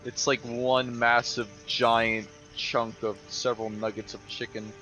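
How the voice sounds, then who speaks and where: A man's voice: medium pitch, level tone, a little slow, sharp tone. A young man chatting casually while gaming, frustrated and swearing a lot. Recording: game music behind.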